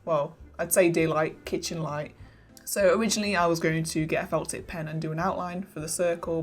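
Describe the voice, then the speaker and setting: Chatty self-mocking woman, music behind. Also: fairly low pitch. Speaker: crafting vlogger. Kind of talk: casual voice-over narration.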